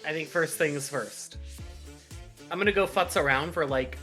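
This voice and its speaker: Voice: mid-range voice, normal speed, sharp tone, soft background music. A player in a tabletop game talking casually, with lots of fillers. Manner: casual, chatty, filler-heavy.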